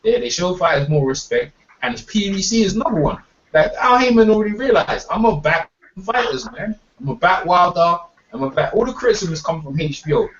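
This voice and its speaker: A man's voice: high voice, lively intonation, a little fast, recorded from a distance, slight background noise. A man, hosting a boxing talk stream and ranting heatedly, profane and emphatic, repeating words as he gets worked up. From England. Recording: dull lo-fi sound, off mic.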